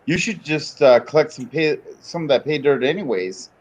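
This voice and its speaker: A man's voice: fairly high pitch, moderate pace. A man joining a stream for a casual chat, laid-back and slangy, throwing in "dude" often. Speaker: guest on a stream. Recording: dull lo-fi sound.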